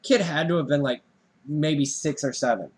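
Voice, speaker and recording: Young male co-host, slightly high voice, loose profane storyteller. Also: moderate pace, slightly rough. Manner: animated storyteller, swears, voice jumps up when reenacting. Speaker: podcast co-host. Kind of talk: casual storytelling chat.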